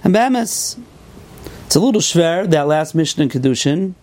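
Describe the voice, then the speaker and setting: A man with a high voice teaches a Torah class in American yeshiva English, full of Yiddish and Hebrew terms. He reads the texts in a sing-song, and his pitch leaps up and drops low without warning. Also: animated, moderate pace, darkish tone. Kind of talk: Talmudic lecture.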